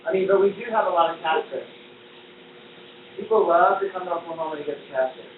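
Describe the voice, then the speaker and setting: High-voiced chatty man on a tinny live stream. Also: fast talker. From United States. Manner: chatty and playful, joking while he cooks. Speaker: host cooking on a live stream. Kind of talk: casual cooking-show chat. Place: kitchen indoors. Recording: distant echoey lo-fi phone-like live stream with noise.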